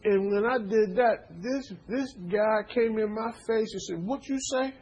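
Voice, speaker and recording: A man's voice: high-pitched, measured pace, darkish tone, slightly rough, low-quality recording. A man preaching an informal sermon, stammering through repeated words and checking in with his listeners. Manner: stammering repetitions, call-and-response asides.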